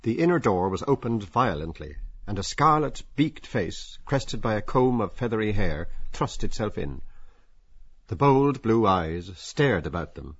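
Male audiobook narrator, measured and expressive; low, husky, dull recording.

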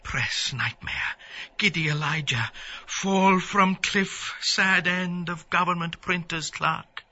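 A man's voice: high-pitched, slow pace, pushed and bright, highs cut off, pitched above the performer's own voice, exaggerated voice. A man voicing a crier who calls out news headlines in clipped phrases, in a radio play. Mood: announcing. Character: male voice crying out news headlines.

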